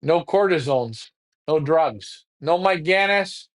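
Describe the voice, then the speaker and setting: A man's voice: mid-range voice, expressive, a little slow. A man hosting a pigeon racing show in casual talk, taunting a rival with repetitive trash talk.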